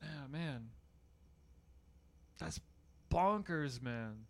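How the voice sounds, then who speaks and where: A young man in casual chat, telling stories in an animated way and swearing freely, his voice climbing and getting loud when he rants. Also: extremely slow, creaky. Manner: animated storyteller, swears, gets loud and high when ranting.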